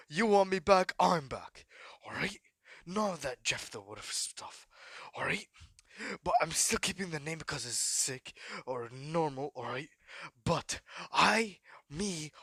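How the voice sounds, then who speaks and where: A man rambling through a made-up fan story, hyperactive and swearing constantly. His voice sits slightly high, and the sound is close and dry, with no room echo. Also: a bit bright. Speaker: YouTube storyteller. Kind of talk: improvised fan-fiction narration.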